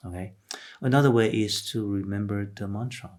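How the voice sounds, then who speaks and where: A man's voice: lowish voice, normal speed, darkish tone. A man giving a patient, explanatory Buddhist lecture, often restarting and saying "okay" between points. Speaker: Buddhist teacher. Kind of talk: Dharma lecture.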